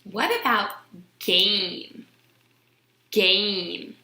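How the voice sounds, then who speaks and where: A woman's voice: medium pitch, very slow, sharp tone, reverberant, a little hiss or hum. A woman teaching a phonics lesson to young children, stretching out words and sounds and answering her own questions in a sing-song way.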